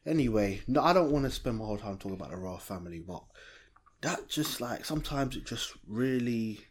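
London man co-host, mid pitch, expressive range, rambling slangy casual delivery. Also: brisk, a little hiss or hum. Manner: rambling, slangy, drops into a low, quiet register. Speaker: podcast co-host. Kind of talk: casual chat.

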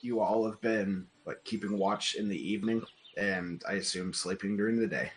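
A man's voice: fairly low pitch, steady tone, moderate pace. A man narrating as game master in a casual, loosely improvised way, full of fillers, with faint noise behind.

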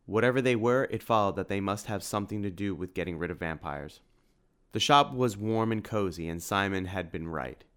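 A man narrating a storybook in a steady storytelling manner. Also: sits low, a little fast, clean tone. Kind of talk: audiobook narration.

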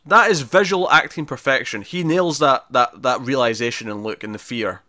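A man co-hosting a podcast, chatting casually and animatedly about a film, now and then quoting lines in a loud impression. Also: mid-range voice, moderate pace, no echo, clean studio sound. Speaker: podcast co-host. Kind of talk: casual film review chat.

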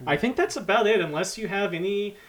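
A man's voice: high voice, brisk, a bit bright. A man co-hosting a casual podcast, jokey and upbeat as he wraps up the episode. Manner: jokey, upbeat wrap-up banter. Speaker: podcast co-host. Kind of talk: casual chat.

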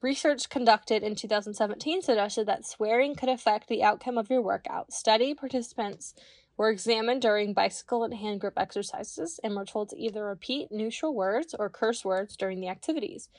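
A woman's voice: mid-range voice, fairly quick, a little mellow, no room sound. Young woman, podcast co-host, laid-back, dry close mic, casual chat. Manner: laid-back, reads facts then riffs jokingly. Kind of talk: casual chat reading study findings.

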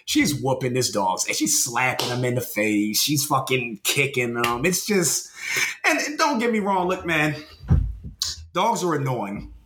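A man's voice: medium pitch, unhurried, roomy sound, slight background noise. A man co-hosting a podcast in casual chat, swearing a lot and repeating his words as he talks. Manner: profane, animated, repeats words. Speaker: podcast co-host.

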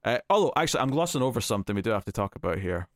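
A man co-hosting a podcast, chatting casually about a film and often pausing to restart his sentences. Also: on the low side, sing-song, no echo, studio quality. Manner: rambling, hesitant, with frequent fillers and restarts. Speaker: podcast co-host. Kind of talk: casual film review chat.

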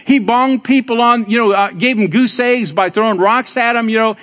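An older male pastor with a high voice tells stories from the pulpit and ribs his flock. He builds to loud, emphatic points. His sermon rings with the long reverb of a church hall. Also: normal speed. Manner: storytelling, teasing the congregation; emphatic preaching with rising exclamations. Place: church sanctuary.

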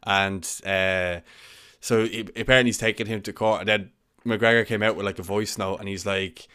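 A man's voice: fairly low pitch, steady tone, moderate pace, pushed and bright, clean tone. A man in casual podcast chat, telling gossipy stories and chuckling along.

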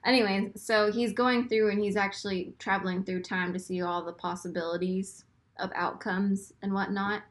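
A woman chatting casually and excitedly about a movie, rambling with lots of fillers and small laughs. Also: medium pitch, moderate pace. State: burping after beer. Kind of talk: casual chat.

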